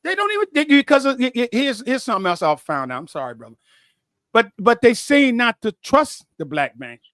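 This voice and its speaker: A man's voice: extremely high pitch, a little fast, no room sound, studio quality. A man talking casually and bluntly, stammering and repeating himself often, with frequent swearing. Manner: stammering, profane, animated. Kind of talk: casual conversation.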